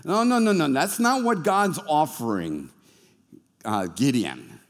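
Jokey, animated preacher, man, fairly high voice, preaching in a reverberant church hall. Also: slow. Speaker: pastor. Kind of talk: sermon. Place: church hall being filmed for streaming.

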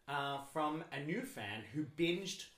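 Excitable male podcast host. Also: on the high side, echoey room. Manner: excitable, quick bursts, lots of laughing. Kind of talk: casual chat.

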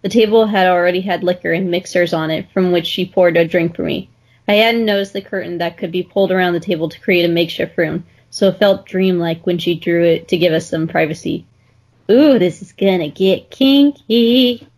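A woman co-hosting a podcast who reads part of a story and reacts with animated laughter. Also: fairly low pitch, fairly quick. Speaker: podcast co-host.

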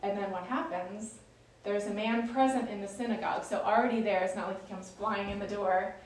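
A woman's voice: medium pitch, fairly even intonation, fairly quick, a little hiss or hum. A woman leading a Bible study, explaining scripture in a chatty, conversational way with frequent fillers and restarts. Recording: echoey room, distant mic.

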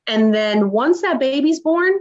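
A woman in her thirties telling a personal story as a podcast guest, emotional and animated, acting out the dialogue. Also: high-pitched, unhurried, lo-fi sound.

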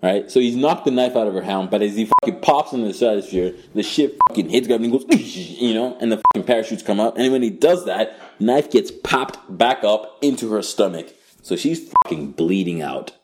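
A man running an improvised storytelling game as game master, crude, profane and animated. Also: fairly low pitch, brisk, background noise.

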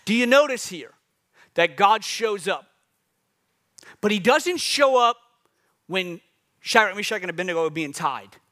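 Bright, high-voiced emphatic male preacher. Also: expressive. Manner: emphatic, conversational preaching with hushed, drawn-out phrases. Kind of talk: sermon.

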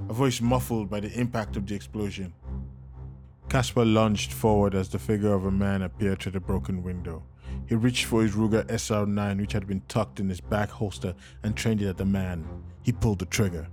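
A man narrating a scripted story in a steady, measured reading. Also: fairly low pitch, no echo, clean studio sound.

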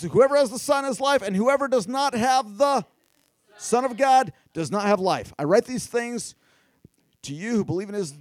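A man preaching a sermon, animated and talking straight to his listeners, at times rising to near-shouts. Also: high-pitched, no echo. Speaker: pastor.

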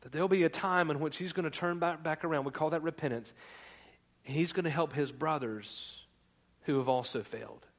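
With a slightly high, slightly fast voice, a male pastor delivers a conversational sermon. He trips over frequent restarts and puts questions to the people listening.

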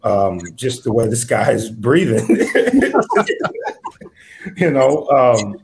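A man's voice: medium pitch, a little slow, darkish tone, a little hiss or hum. A man from the United States hosting a casual chat, reflective and rambling with many fillers. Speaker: host, comedian.

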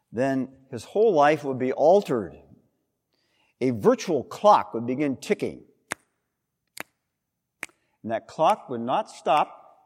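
A man preaching a sermon, explaining scripture with rhetorical questions and an expressive delivery. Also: mid-range voice, long reverb tail.

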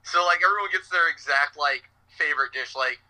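Male teacher co-host, very bright and sharp tone, higher pitch, easygoing recap chat. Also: brisk, poor audio. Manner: relaxed, fills in details, quotes lines. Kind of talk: casual chat recapping a cartoon episode.

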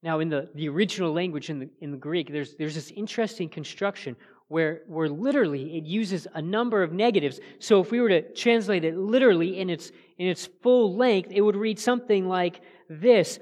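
An earnest man preaches a sermon from the pulpit. He builds to emphatic peaks, then drops to soft, quiet lines. His voice carries with a long reverb through a church sanctuary. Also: sits high, a little fast. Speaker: pastor.

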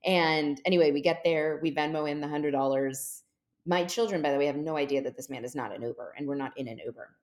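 Guest storyteller: woman, 40s, deep for her sex, chatty, does quick voices of people she quotes. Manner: animated, jumps into quoted voices. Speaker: podcast guest. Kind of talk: casual storytelling.

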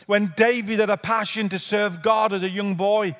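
High-voiced male pastor preaching in a church. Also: fairly even intonation, moderate pace, a bit bright, faint music behind. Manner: earnest, repetitive preaching with rhetorical questions. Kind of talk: sermon. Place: church sanctuary. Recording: reverberant church hall.

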